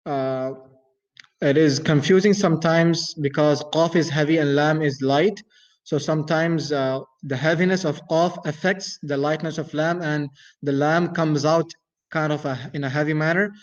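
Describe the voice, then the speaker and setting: Imam giving a patient recitation lesson. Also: male voice, a little high. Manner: patient, repeats sounds many times, corrects mistakes. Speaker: imam teaching Quran recitation. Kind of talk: tajweed lesson. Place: mosque. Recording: dull sound from a distance.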